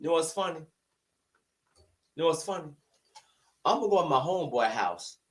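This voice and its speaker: High-pitched man ranting to camera. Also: a bit bright, distant mic. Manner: argumentative, repeats rhetorical questions. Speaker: online commentator. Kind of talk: heated opinion rant to camera. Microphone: camera-facing recording.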